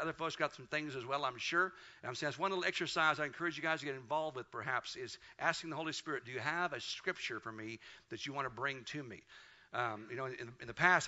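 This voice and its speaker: Man, middle-aged, pastor, sermon, high-pitched, emphatic preaching, muffled lo-fi audio. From United States. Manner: preaching, rising to loud emphatic proclamations.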